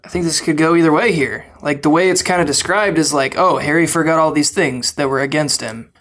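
A man's voice: fairly high pitch, brisk, a bit bright. A man co-hosting a podcast, chatting casually and hesitantly. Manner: hesitant, speculative. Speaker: podcast co-host. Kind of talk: casual chat.

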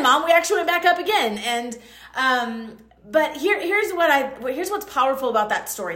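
Woman podcast host, high-pitched, chatty storyteller, roomy echo. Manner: chatty, animated, full of fillers and quoted asides. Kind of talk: casual storytelling monologue.

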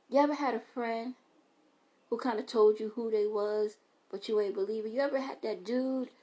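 Animated woman giving a comedic pep talk. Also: medium pitch, poor audio. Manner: animated, preachy, laughs between lines. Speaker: podcast host. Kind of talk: motivational comedic monologue.

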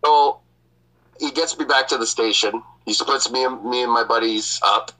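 Male host, bright and forceful tone, loose profane storytelling. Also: medium pitch, normal speed, low-quality recording. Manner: profane, laughs often. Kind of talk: casual storytelling.

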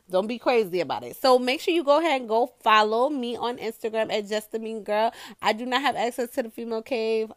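Woman podcast host, casual solo chat, higher voice, dry close sound, swears freely, calls listeners y'all. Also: no echo.

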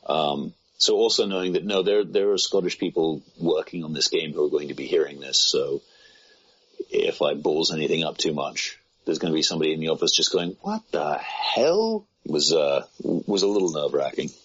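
Male voice actor, extremely low, breathy-husky, rambling self-deprecating chat. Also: steady tone, a little fast. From United Kingdom. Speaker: voice actor guest. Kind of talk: casual conversation. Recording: muffled low-fidelity sound.

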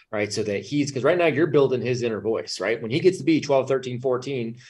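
A man's voice: mid-range voice, distant mic. A man speaking as a guest in a casual interview, blunt and swearing freely. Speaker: podcast guest.

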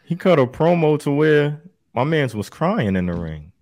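A man's voice: a little high, big pitch swings, normal speed, darkish tone, no echo, clean studio sound. A man co-hosting a casual podcast and running a bracket, laid-back, laughing often and swearing freely. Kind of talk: casual chat.

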